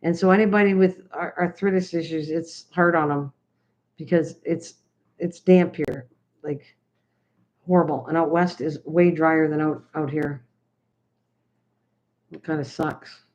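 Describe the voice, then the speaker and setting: A woman's voice: low-pitched, steady tone, a little slow, pauses often, darkish tone. Chatty older woman crafting on stream. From United States. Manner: rambling, chatty, talks to viewers while working. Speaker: craft livestreamer. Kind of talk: casual livestream chat while crafting. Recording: slightly dull lo-fi stream audio.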